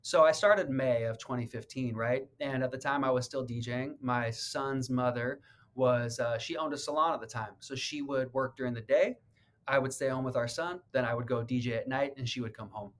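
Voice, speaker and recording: A man's voice: mid-range voice, fairly even intonation, moderate pace. Earnest man telling a heartfelt story. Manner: earnest, heartfelt, repeats words when emotional. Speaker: real estate agent. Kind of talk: personal storytelling in a sit-down interview.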